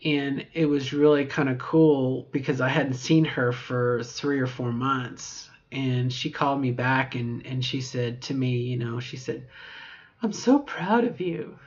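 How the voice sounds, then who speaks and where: A woman's voice: a bass voice, level tone, measured pace, hardly any pauses, highs cut off. A middle-aged woman talking to camera in a casual video diary, reflective and rambling, with many fillers. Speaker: vlogger.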